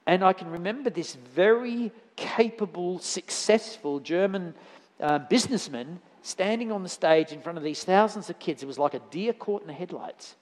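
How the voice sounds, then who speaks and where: A man's voice: high voice, moderate pace. A man giving a conversational sermon in church, telling anecdotes with frequent restarts. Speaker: lay preacher. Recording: church hall reverb.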